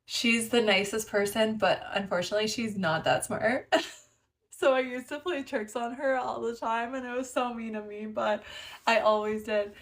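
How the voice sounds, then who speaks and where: A woman's voice: a little high, steady tone, normal speed. A young woman from Canada hosting a livestream, telling a story with lots of giggling and thanking viewers between lines. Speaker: livestream host. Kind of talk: casual livestream chat.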